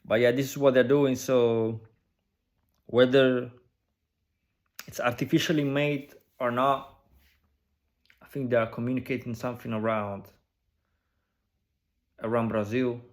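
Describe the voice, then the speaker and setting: A man talks through his thoughts in a loose, conversational way, pausing often. He reads out short phrases one at a time and muses over each, with frequent "you know" and "right?" asides. His voice sits at an ordinary middle pitch for a man. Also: fairly even intonation. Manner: musing, speculative, lists phrases one by one with many pauses. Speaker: video creator decoding an advertisement. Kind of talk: casual commentary.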